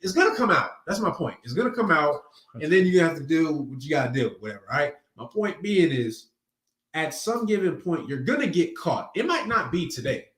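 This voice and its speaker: A man's voice: a little high, sing-song, fairly quick, fairly bright tone. A man preaching an informal sermon in a conversational, emphatic way, acting out quoted voices as he teaches. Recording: roomy echo.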